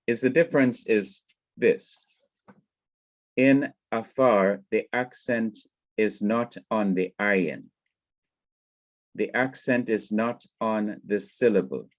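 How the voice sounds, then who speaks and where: Slow, methodical male grammar teacher. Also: on the low side, no echo. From Jamaica. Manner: slow, methodical explaining with repeated words. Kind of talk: recorded grammar lesson. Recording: dry, dull lo-fi recording.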